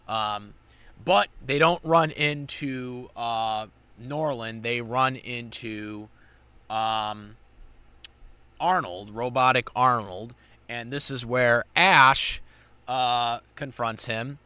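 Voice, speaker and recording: A man's voice: mid-range voice, fairly even intonation, slow pace, pushed and bright, clear, resonant tone. A man giving a casual spoken recap of an anime episode, rambling with many fillers and restarts. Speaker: anime reviewer.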